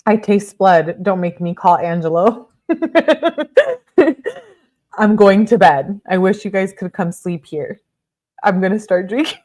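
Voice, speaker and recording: Woman reading texts with animated asides. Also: on the low side, moderate pace. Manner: expressive, reacts with laughs and asides. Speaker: true crime streamer. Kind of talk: reading text messages aloud with commentary.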